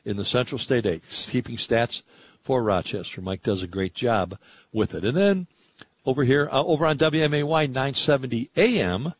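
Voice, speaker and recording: A man's voice: medium pitch, moderate pace, breathy edge, dry recording. A man hosting sports radio, chatting in a friendly, rambling way about the local games. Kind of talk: casual sports radio talk.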